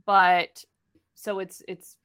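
A woman's voice: mid-range voice, level tone, extremely slow, a bit bright, clear, resonant tone, no room sound, clean studio sound. A woman co-hosting a casual book podcast, reading passages aloud and reacting to them with strong opinions. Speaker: podcast co-host. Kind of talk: casual book club chat.

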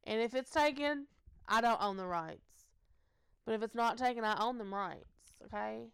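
A woman's voice: fairly high pitch, normal speed, vocal fry, a bit bright, clear, resonant tone, dry recording. A young adult woman co-hosting a podcast in casual chat, joking and laughing often. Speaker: podcast co-host.

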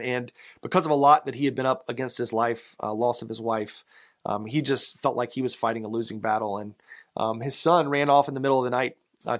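A male pastor giving an earnest Easter sermon, slowing down to read poetry with rising emphasis. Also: medium pitch. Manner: earnest preaching, reading poetry slowly with swells of emphasis.

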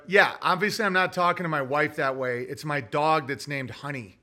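A man's voice: a little high, moderate pace, sharp tone. A man hosting a livestream, reading viewer messages in a rambling, profane, casual way. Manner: rambling, profane, talks to his dog. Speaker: livestream host reading super chats.

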